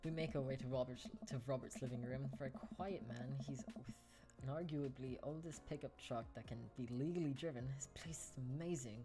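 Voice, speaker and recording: Male streamer, playful casual read of game text over clear background music. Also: medium pitch, brisk, few pauses. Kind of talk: reading a dating game aloud.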